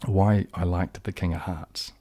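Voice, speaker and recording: A man's voice: sits low, little pitch movement, measured pace, warm tone, no echo. A young man from New Zealand with a New Zealand accent that leans southern English, chatting casually on a live stream, rambling and self-deprecating with many ums and restarts. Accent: New Zealand, leaning southern English. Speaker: ASMR streamer hosting a live chat.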